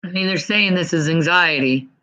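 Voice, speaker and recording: A woman's voice: fairly low pitch, normal speed, sharp tone, poor audio. Breathless woman rambling on a stream. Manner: rambling, swears and sighs often. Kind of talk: casual livestream chat.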